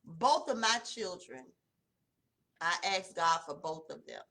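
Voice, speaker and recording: A woman, telling a personal testimony in a casual, conversational way. Her voice drops low and soft in the emotional stretches. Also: lively intonation, slow pace. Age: 40s. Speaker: host of a morning devotional.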